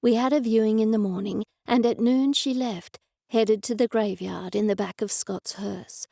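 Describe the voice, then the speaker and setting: A woman narrating an audiobook in the first person with clear, even storytelling, on a close studio mic. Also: fairly high pitch, moderate pace, no echo.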